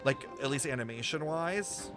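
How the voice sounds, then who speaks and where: A man streaming his reaction to a video game, talking in an excitable, profane way and often breaking into laughter. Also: medium pitch, normal speed, music in the background.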